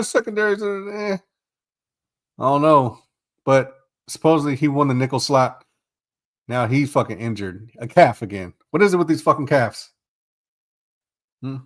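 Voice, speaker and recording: A man hosting a casual sports podcast, rambling and swearing as he rants in exasperation. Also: mid-range voice. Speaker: podcast host.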